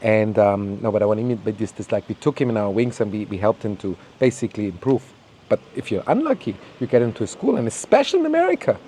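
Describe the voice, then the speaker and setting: Warm-voiced man on a heated rant. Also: on the low side, big pitch swings, quick pace, slight background noise. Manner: heated, ranting, swears, repeats words, mocks others in quoted voices. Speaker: podcast host. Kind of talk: opinionated monologue.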